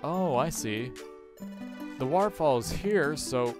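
A player reading a game hero's lines in a casual, joking way, the voice rising and falling a lot. Soft music runs underneath. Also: medium pitch, lively intonation, unhurried. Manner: casual, joking line reads. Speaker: let's player dubbing the hero. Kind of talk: fan dub of a game playthrough.

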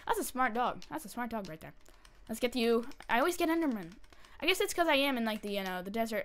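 A fairly high-pitched woman chatting her way through a game. Her talk is loose and rambling, full of fillers, and it jumps into panicky squeals and rapid repeats when trouble hits. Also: sing-song, a bit bright. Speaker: gameplay commentator. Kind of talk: casual game commentary.

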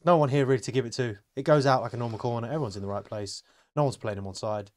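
A man's voice: medium pitch, rapid-fire, dry recording. Laid-back guy breaking down goals on a football chat show, laughs a lot, mid voice, dry sound. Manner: easygoing, laughs often. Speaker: football podcast co-host.

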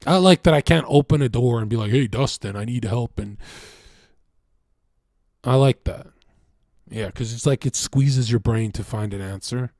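A young man from Canada, a streamer, talking in a rambling, profane casual monologue that swings between loud bursts and low mutters. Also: normal speed, pauses often, dry recording, clean studio sound.

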